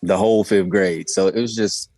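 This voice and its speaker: Low-voiced man, laid-back and profane. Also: steady tone, moderate pace, darkish tone. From Indiana. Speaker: podcast co-host. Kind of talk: casual comedic chat.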